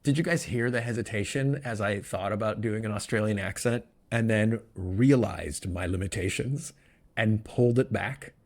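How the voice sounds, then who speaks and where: A man's voice: on the low side, normal speed, darkish tone. A man hosting a solo good-news podcast, chatting casually and wandering into joking, self-interrupting asides. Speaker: podcast host.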